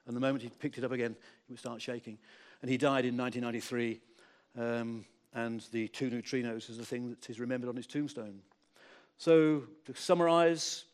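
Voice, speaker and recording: A man who wrote a book gives a public lecture and takes questions, telling anecdotes in a wry, emphatic way. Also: medium pitch. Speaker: author giving a public talk. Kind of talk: lecture with audience Q&A. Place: lecture hall.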